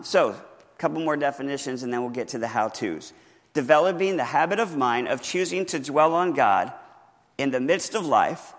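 A man's voice: mid-range voice, fairly bright tone, long reverb tail. A man preaching a teaching sermon from notes, talking conversationally, asking the congregation questions and stressing key words. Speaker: pastor.

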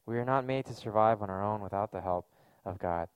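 A man's voice: lowish voice, fairly quick, clean tone, no room sound. A man giving a sermon as a pastor, speaking in a conversational, earnest way with casual fillers.

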